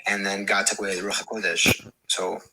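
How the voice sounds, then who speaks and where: A man guesting on a podcast, telling a story in a halting way with many repeats and restarts. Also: low-pitched, little pitch movement, sharp tone, rough recording. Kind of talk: casual debate and personal story. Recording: clear background hiss.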